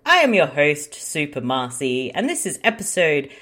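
A woman's voice: low voice, sing-song, normal speed, a bit bright. An upbeat, chatty Australian woman hosting a podcast in a casual chat style. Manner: upbeat, chatty, laughs easily. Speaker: podcast host.

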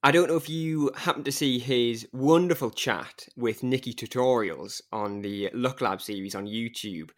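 A man's voice: medium pitch, moderate pace, few pauses. A man co-hosting a podcast, chatty and teasing, introducing an interview. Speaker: podcast co-host. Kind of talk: casual podcast chat.

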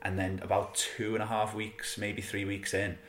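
A man's voice: lowish voice, monotone, moderate pace, a bit bright, reverberant, slight background noise. A British man chatting as a podcast guest, telling a travel story in a self-mocking, laughing way. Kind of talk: casual storytelling.

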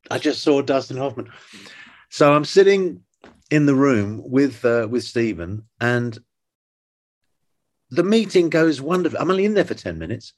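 Actor telling lively anecdotes. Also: male voice, medium pitch. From England. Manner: animated anecdotes, acting out quoted voices. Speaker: actor guest. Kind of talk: conversational storytelling.

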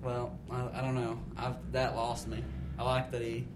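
A man's voice: mid-range voice, monotone, moderate pace, noisy background. A man co-hosting a casual podcast chat, wry and blunt in his reactions. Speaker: podcast co-host.

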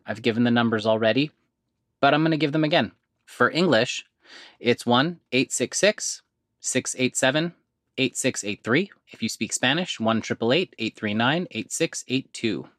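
A man hosting a podcast, giving practical advice in a direct, earnest way and slowing down to spell out phone numbers. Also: medium pitch, fairly bright tone, no room sound, clean studio sound. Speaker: podcast host. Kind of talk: informational podcast talk.

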